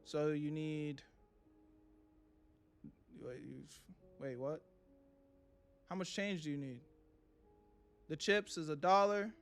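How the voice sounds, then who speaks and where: A man's voice: on the high side, fairly even intonation, slow, pauses often, soft background music. A young man streaming a game live, swearing and talking nervously to his chat as he plays. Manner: jittery, swearing, talks to chat. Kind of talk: live gameplay commentary.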